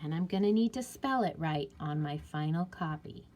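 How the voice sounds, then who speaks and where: A woman teaching a writing lesson to young children, thinking aloud in a slow, patient, sing-song way as she edits a story. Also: sits low, expressive, a little mellow, a little hiss or hum. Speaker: elementary school teacher.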